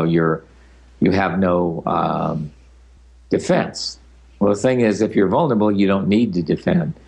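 A man's voice: on the low side, gravelly, a little mellow, husky. An older man answering interview questions as a speaker and facilitator, talking in an easygoing, rambling way with the odd tease.

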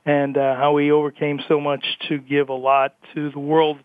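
A man joins a radio panel over a tinny phone line, his voice a bit higher than most men's. He talks in a relaxed way, hesitating with fillers. The sound is dry. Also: normal speed, clean tone, dry recording. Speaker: panel guest. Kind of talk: casual radio chat.

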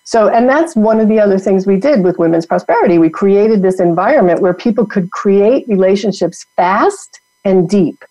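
A woman's voice: mid-range voice, animated, moderate pace, hardly any pauses, dark tone, no room sound, low-quality recording. A woman from New York, a guest who founded a women's network, talking emphatically in a motivational coaching way. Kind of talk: motivational podcast talk.

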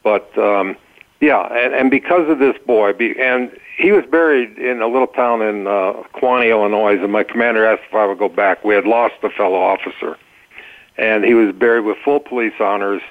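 An older man, a guest on a radio interview, telling his story in a relaxed way. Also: fairly low pitch, normal speed. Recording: tinny phone-like line.

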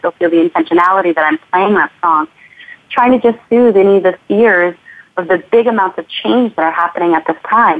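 A woman movement teacher speaking as an interview guest, earnest and flowing, often repeating her phrases. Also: medium pitch. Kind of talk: reflective conversational interview. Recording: tinny phone-like line.

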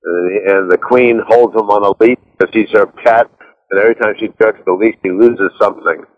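Low-voiced man telling stories animatedly. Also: moderate pace, muffled recording. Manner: rambling, animated storyteller with many restarts and laughs. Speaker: author and director, interview guest. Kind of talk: casual interview chat.

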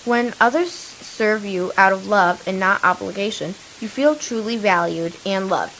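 A woman's voice: medium pitch, measured pace, a bit bright, slight background noise, low-quality recording. Chatty young woman co-host. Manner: chatty, rambling, many fillers. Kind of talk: casual chat.

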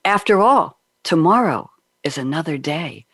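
A middle-aged woman from New York hosting a radio show over a video call, chatty and quick to laugh at her own jokes. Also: deep voice, animated, a bit bright, breathy edge, no room sound, studio quality.

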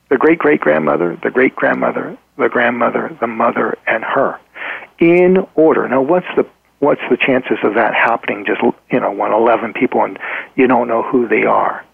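A man with a deeply gravelly, husky voice tells a client story as an interview guest. He speaks in an earnest, halting way, full of ums and restarts. The sound is dry and tinny, like a phone line. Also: no echo. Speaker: guest therapist.

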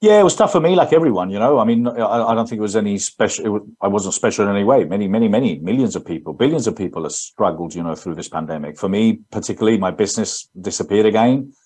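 A man's voice: lowish voice, expressive, fast, few pauses, darkish tone, slightly rough. A man in his fifties with an English accent, answering interview questions in an earnest, rambling way with frequent restarts. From England. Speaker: guest entrepreneur.

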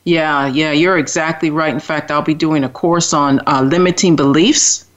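A woman hosting a podcast chat, agreeing and encouraging her guest in a relaxed, casual way. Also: sits low, normal speed. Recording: dull lo-fi audio.

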